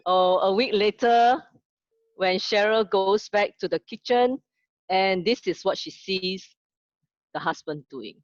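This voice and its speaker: A woman teaching an online lesson. She speaks slowly, asks her listeners questions and tells a story. The audio is dull, lo-fi and dry. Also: medium pitch, dry recording.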